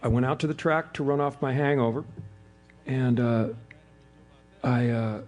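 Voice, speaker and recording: A middle-aged man speaking at a recovery meeting, telling his story with animated delivery and acting out the voices of the people in it. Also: medium pitch, unhurried, faint music behind. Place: hotel meeting room before an audience.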